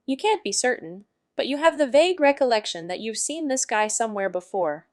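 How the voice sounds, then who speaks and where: Lady doing a cocky swearing jester wizard guy, sardonic and rambly, high and bouncy. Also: lively intonation, brisk, no echo, studio quality, close to an everyday voice. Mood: sardonic rambling. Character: brash, foul-mouthed male jester wizard narrating.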